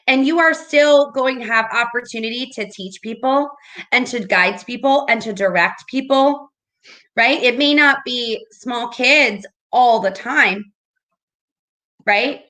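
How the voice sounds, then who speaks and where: A woman with a bright, forceful voice pitched a little high hosts a casual chat. She sounds upbeat and encouraging and often checks in with her listener. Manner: upbeat, encouraging, keeps asking "right?". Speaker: host, business coach.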